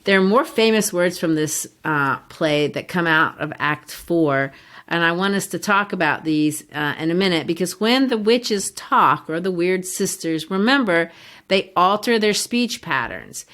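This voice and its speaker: A woman's voice: on the low side, animated, unhurried, fairly bright tone. A woman co-hosting a podcast, explaining a play in a teacherly, casual way and sounding out verse rhythms. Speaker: podcast co-host. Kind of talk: casual literature discussion.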